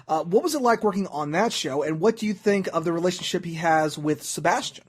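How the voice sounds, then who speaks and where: A man's voice: on the high side, expressive, a little fast, breathy edge. A man hosting a talk show interview, making jokes and often stumbling over his words. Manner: jokey, stumbles and repeats himself. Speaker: host.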